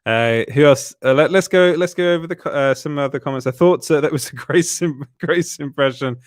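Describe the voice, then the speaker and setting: A man hosts a live stream while sounding tired, chatting loosely with plenty of "uh" fillers and frequent chuckles. He talks a little fast in a voice on the high side; the sound is studio quality with no room sound.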